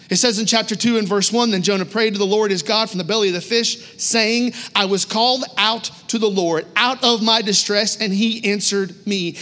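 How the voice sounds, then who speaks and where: High-voiced preaching man in a reverberant hall. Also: bright, forceful tone. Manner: emphatic preaching with repetition and acted-out quotes. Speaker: pastor. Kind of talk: sermon.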